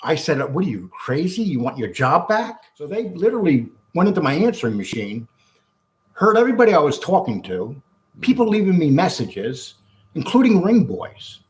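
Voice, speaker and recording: A man being interviewed, telling a long story in an animated, blunt way, acting out what others said and swearing freely. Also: a little high, moderate pace. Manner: animated storyteller acting out quotes, frequent restarts. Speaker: guest.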